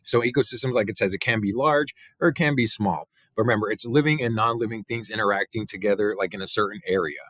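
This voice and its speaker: A male teacher giving a relaxed biology lecture, talking through slides with many fillers and "right?" tags. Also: fairly low pitch, quick pace, hardly any pauses, dry recording. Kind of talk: recorded classroom lecture.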